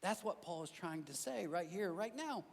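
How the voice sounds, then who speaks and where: High-pitched and creaky yet lively, this preacher keeps a moderate pace while his words ring with a long reverb tail in the sanctuary. He tells stories to the congregation in a conversational way and repeats key points for emphasis.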